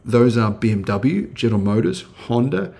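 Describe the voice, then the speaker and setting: A man's voice: mid-range voice, sing-song, moderate pace, creaky, a little mellow. A middle-aged Australian man hosting his channel, chatting casually with many fillers and restarts. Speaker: channel host. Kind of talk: casual video commentary.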